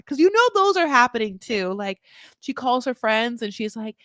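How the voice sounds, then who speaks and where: A woman with a fairly high voice riffs through a comedic reality-show recap, animated and quick to laugh. She slips into little impressions as she goes. The sound is dry and close, with no room around it. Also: no room sound. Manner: animated, jokey, laughs often, acts out quotes.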